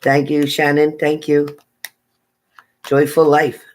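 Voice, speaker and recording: A woman's voice: low-pitched, monotone, slow pace, a little mellow, rough recording. Chatty woman greeting live-stream viewers. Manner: chatty, reads out viewer names, stumbles over names. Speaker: tarot reader greeting live chat. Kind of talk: casual live-stream chat.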